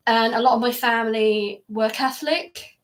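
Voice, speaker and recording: A woman vlogging from upstairs at home, speaking in a reflective, halting way with many fillers. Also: on the high side, recorded from a distance. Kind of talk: personal reflective monologue.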